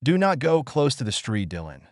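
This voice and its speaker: A man's voice: fairly high pitch, very animated, a little slow, husky, no echo, studio quality, voice pushed up, heavily acted. A man doing a watchful young aunt.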